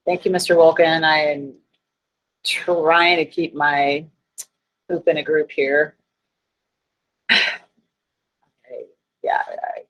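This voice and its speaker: A woman's voice: sits low, poor audio. A woman chemistry teacher giving a class lecture, chatty and self-deprecating, getting flustered by tech trouble.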